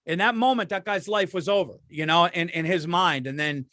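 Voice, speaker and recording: A man's voice: sits high, brisk, sharp tone, no echo, clean studio sound. A man co-hosting a podcast, bantering casually with laughter and swearing. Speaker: podcast co-host. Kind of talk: casual chat.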